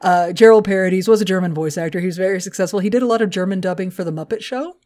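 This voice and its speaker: A woman's voice: mid-range voice, racing, dark tone. Chatty, swearing woman podcast host. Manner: chatty, profane, laughs a lot. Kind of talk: casual podcast chat.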